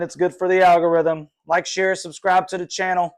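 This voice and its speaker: Male fan host, live reaction stream, frustrated and rambling, voice slightly high. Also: level tone, normal speed, clean tone. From North Carolina. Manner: frustrated, rambling, many fillers and sighs. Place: his room.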